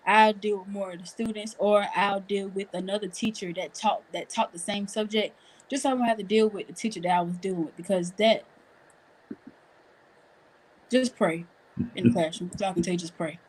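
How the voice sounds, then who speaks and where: A teenage girl and high school student, speaking earnestly in casual chat as she gives advice. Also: steady tone, fairly quick, husky, rough recording. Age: teens.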